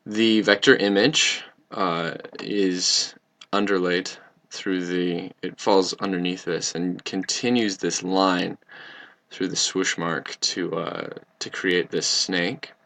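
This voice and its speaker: A young male student walks through a recorded class presentation in a deep voice with a gravelly edge. He sounds earnest and explanatory. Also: fairly even intonation, slow, sharp tone. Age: young adult.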